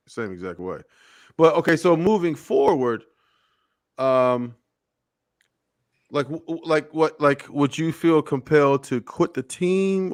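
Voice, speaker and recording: A man's voice: mid-range voice, dry recording, studio quality. A man hosting a casual talk show, hesitant and full of stammered restarts as he asks guests questions. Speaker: show host. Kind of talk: casual live show chat.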